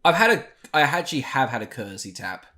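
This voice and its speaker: A man co-hosting a podcast, chatting casually about a film in an excitable, teasing way. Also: mid-range voice, fast talker. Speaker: podcast co-host. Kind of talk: casual film-review chat.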